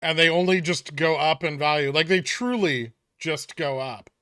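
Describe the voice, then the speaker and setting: Dry, bright-voiced joking male streamer. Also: fairly high pitch, normal speed, smooth, dry recording. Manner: dry sarcastic joking, loose and rambling. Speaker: streamer host of a stock trading livestream. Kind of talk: casual livestream chat.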